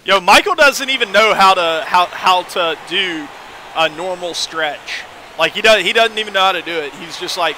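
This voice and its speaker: A man streams a video game and chats casually with his viewers, rambling and reading chat aloud. His voice sits high and sounds expressive and sharp at a moderate pace, with a little hiss or hum behind it.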